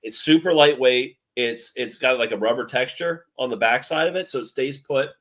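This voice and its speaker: A man co-hosting, describing something in a rambling, halting way with many restarts. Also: mid-range voice, fairly bright tone. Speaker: co-host. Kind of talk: casual chat.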